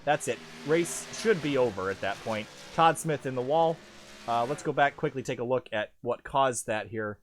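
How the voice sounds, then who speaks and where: A man calling an online truck race as lead commentator, chatty and self-deprecating, jumping up in pitch when the action picks up. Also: moderate pace, a little hiss or hum. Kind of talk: sim racing play-by-play commentary.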